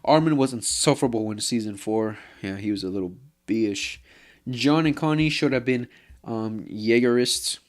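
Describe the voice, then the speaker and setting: A man's voice: medium pitch, moderate pace. Heated, profane man ranting casually. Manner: profane and heated, says "bro" constantly; rambling with many fillers and restarts. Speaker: vlogger. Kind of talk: casual anime rant.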